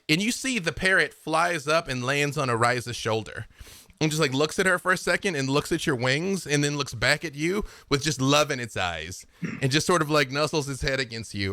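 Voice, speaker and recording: A man narrating as dungeon master of a live tabletop game, animated and laughing as he slips into character voices. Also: medium pitch, no echo.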